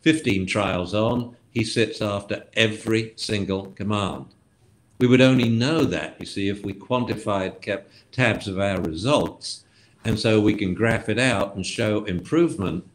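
Male trainer guest, lowish voice, animated explainer. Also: unhurried. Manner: lively, acts out commands with shifts of tone. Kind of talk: explanatory interview talk.

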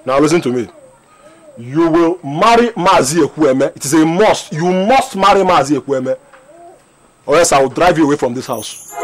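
A bossy older brother, played by an actor, talks with a Nigerian accent and keeps tagging lines with "eh?". His pitch leaps around a lot, and he sounds fairly high for a man. Film music plays under him. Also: natural voice, low-quality recording. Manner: coaxing with tag questions "eh?", turning to shouted threats. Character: bossy older brother, pleading then threatening. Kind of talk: Nollywood film drama.

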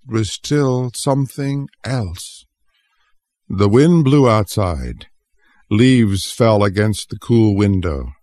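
A man narrating a story aloud as an audiobook for English learners, reading clearly and deliberately. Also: fairly low pitch, expressive, warm tone, dry recording.

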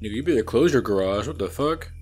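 A young man commentating a horror game he is playing, loud and exasperated, with lots of slang and cursing. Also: mid-range voice, animated, fast, soft background music. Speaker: gaming streamer. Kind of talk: let's play commentary.

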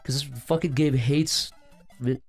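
A young man playing a game on stream and bantering casually, excitable and swearing, with sudden shouts. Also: mid-range voice, a little slow, creaky, breathy edge, faint music behind. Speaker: gameplay host. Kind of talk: casual let's-play banter.

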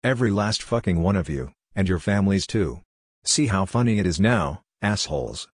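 A man's voice: deep voice, lively intonation, moderate pace, slightly rough, no echo, studio quality. A man voicing an enraged, haunted father. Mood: raging. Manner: shouting curses, then mumbling apologies. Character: traumatized exhausted working father, raging in nightmare.

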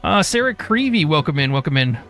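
A man's voice: on the high side, a little fast, soft background music. Laid-back male streamer reading chat. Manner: reads chat names in a relaxed drawl. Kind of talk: casual live-stream chat.

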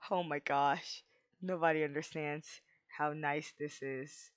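A let's play host giving casual gameplay commentary, excitable, with goofy mild exclamations and bursts of squealing shouts. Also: mid-range voice, slow pace, smooth.

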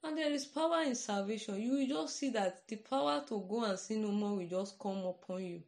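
A woman's voice: medium pitch, expressive, brisk, darkish tone. Earnest Nigerian woman preaching a podcast. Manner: earnest, repeats "you understand?". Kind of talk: informal podcast sermon.

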